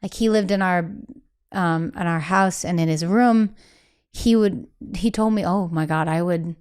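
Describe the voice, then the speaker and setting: A young woman as a podcast guest, candidly telling a personal story in quick, emphatic bursts with quoted asides. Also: lowish voice, darkish tone, clean tone. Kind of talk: candid conversational interview.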